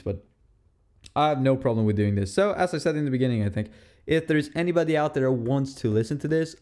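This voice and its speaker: A man's voice: mid-range voice, darkish tone. A man hosting a casual solo podcast film review, rambling, correcting himself and laughing often. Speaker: podcast host.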